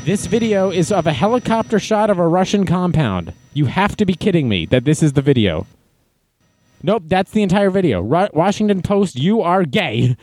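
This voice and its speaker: A man's voice: sits high, lively intonation, normal speed, a little mellow, no room sound. A man hosting a casual livestream, reading chat messages and news aloud with sarcastic, mocking asides. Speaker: livestream host.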